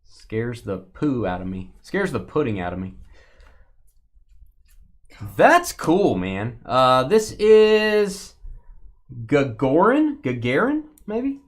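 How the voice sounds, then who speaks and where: A man hosting a live sports card break, joking playfully and getting excited over the cards. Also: medium pitch, slow pace, long pauses. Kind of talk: casual live stream chat.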